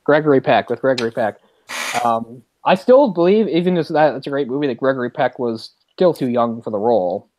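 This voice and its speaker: A man hosting a podcast, chatting casually about movies in a rambling, animated way with quick laughs. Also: mid-range voice, a little hiss or hum. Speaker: podcast host.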